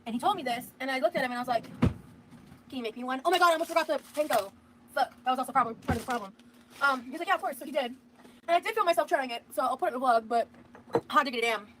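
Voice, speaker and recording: A woman's voice: sits high, rapid-fire, a bit bright, slight background noise, poor audio. A woman rambling casually to her live-stream chat while she cooks, swearing now and then.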